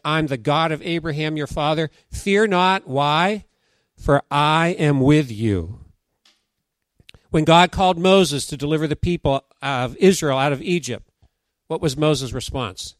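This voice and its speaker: Middle-aged guy preaching, kinda high voice, chatty, jokes with the room, dry close sound. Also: normal speed, dry recording. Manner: chatty, jokes with the congregation, reads scripture aloud. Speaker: pastor. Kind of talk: conversational sermon.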